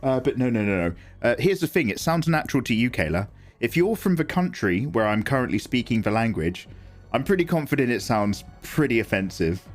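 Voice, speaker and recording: A man's voice: medium pitch, big pitch swings, a little fast, soft background music. A man chatting casually and self-deprecatingly on a live art stream while he draws, reading chat aloud.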